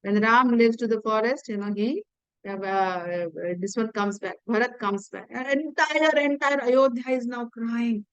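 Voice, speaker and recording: A woman's voice: on the high side, smooth, no room sound, highs cut off. Woman with an Indian accent telling a story. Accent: Indian English. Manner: halting, repeats words, many fillers. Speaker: teacher. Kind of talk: storytelling lesson.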